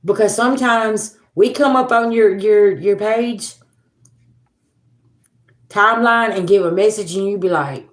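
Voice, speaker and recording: A woman's voice: mid-range voice, a little slow, pauses often, roomy sound. A woman, hosting a casual tarot livestream and talking bluntly to viewers, swearing freely and with sass. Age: 40s. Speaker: tarot reader and livestream host.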